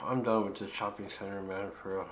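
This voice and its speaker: A man's voice: fairly low pitch, very noisy. A man giving casual let's-play commentary, joking and talking back to the characters in the game. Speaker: gaming YouTuber.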